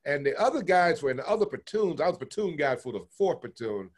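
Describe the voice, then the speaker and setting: An older man from Texas recounts his past at length in an interview. His voice sits a bit higher than most men's. He chuckles and slips into the voices of the people he remembers. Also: fast, husky. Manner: animated storyteller, chuckles, acts out quoted voices. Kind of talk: oral history storytelling.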